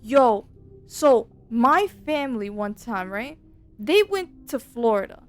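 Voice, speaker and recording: Chatty woman streamer with a clear voice. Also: on the high side, takes it slowly. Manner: chatty, animated storytelling with slang. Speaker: VTuber streamer. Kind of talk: casual game commentary. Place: dark room at home.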